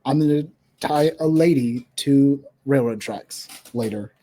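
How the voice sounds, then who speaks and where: A man co-hosting a live stream, trading quick, teasing banter in casual chat. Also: medium pitch, background noise. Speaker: stream co-host.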